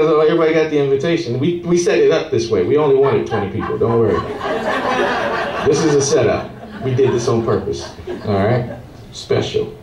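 A man's voice: a little high, a little hiss or hum. A man doing a stand-up comedy set, telling hotel stories and acting out the guests. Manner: animated storytelling, acting out hotel guests and singing waiters. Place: comedy club stage. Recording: roomy club sound from a distant mic.

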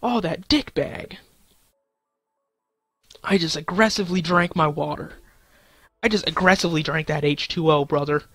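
A man's voice: fairly high pitch, moderate pace, pauses often, bright, forceful tone, no room sound. A young man in casual live-stream commentary, goofy and crude, talking to himself and his chat with sudden silly outbursts. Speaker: gaming streamer.

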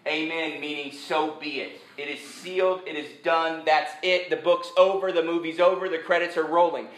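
A man preaching a sermon, animated and joking, who jumps from point to point. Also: a little high, normal speed, few pauses. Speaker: pastor. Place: church sanctuary. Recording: echoey church sanctuary.

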